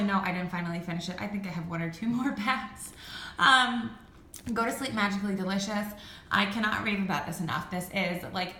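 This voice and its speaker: A woman talks casually and at length, with plenty of ums and likes. Her voice is bright and forward. The room echoes noticeably around her, with faint noise behind. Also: medium pitch. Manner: chatty, rambling, frequent ums and likes. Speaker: vlogger reviewing wax melts. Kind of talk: casual chat. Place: home room with high ceilings.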